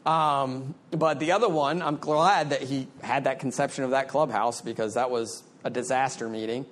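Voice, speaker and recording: A man's voice: medium pitch, fairly even intonation, moderate pace. A middle-aged man telling a personal story in a candid, conversational way, with many fillers. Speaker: speaker sharing recovery story.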